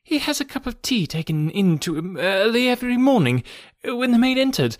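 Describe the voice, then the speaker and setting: A man's voice: very high voice, sing-song, normal speed, no room sound, studio quality, pitched above the performer's own voice. A man voicing a panicked middle-aged male doctor, frantic and breathless. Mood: distraught.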